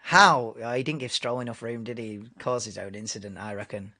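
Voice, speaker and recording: A man's voice: fairly low pitch, fairly even intonation, fast, a bit bright. A man hosting a live race watchalong stream, chatting casually and laid-back over the broadcast.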